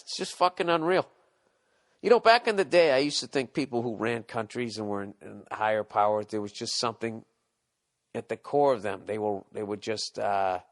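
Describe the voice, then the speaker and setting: A man hosting a podcast, delivering a rambling, profane, sarcastic comedic rant. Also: fairly low pitch. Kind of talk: ranting comedic monologue.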